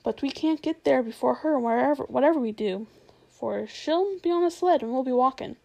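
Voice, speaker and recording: A woman voicing a bustling, motherly female beaver who talks briskly and practically, in a storybook reading. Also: high voice, vocal fry, darkish tone, poor audio. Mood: soothing, brisk. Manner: brisk, fussing, homely.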